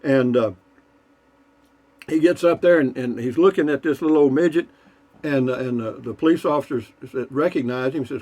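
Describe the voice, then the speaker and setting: Man, casual joke-telling vlog, rambling folksy delivery, mid-pitched voice, lots of fillers. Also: normal speed, a little mellow. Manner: toasting and drinking beer between jokes.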